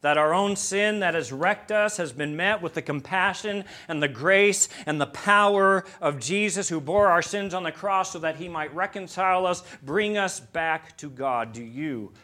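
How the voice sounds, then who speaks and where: Guy preaching a sermon, kinda high voice, gets loud then drops way down soft. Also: normal speed, hardly any pauses. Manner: preaching with wide swings from loud emphasis to hushed low tones. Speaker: pastor.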